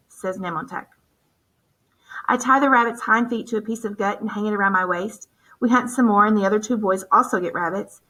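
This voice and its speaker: A woman narrating a novel in the first person as an audiobook narrator, in a steady, measured storytelling voice. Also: medium pitch, low-quality recording.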